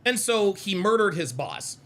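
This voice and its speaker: Animated, mocking man with a high voice. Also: unhurried. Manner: animated, mocking, profane, repeats himself. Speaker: host reacting to clips. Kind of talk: reaction commentary.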